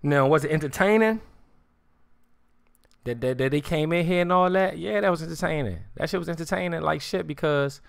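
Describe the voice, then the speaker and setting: A man's voice: a little high, fairly quick, creaky, dry recording, clean studio sound. A man ranting on a live stream in casual street slang, swearing often and repeating "you hear me". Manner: repetitive, keeps saying "you hear me", swears freely; slang-heavy street talk.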